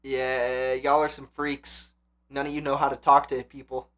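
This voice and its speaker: This anime reaction channel host speaks in a mid-range voice at a measured pace. His talk is casual, excited and full of swearing, shifting from loud hype to calm, thoughtful moments.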